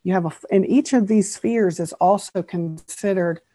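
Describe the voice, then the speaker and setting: A woman's voice: medium pitch, normal speed, no room sound. A woman author on a podcast as a guest, earnestly explaining old teachings term by term. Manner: earnest, steady explainer who spells out terms.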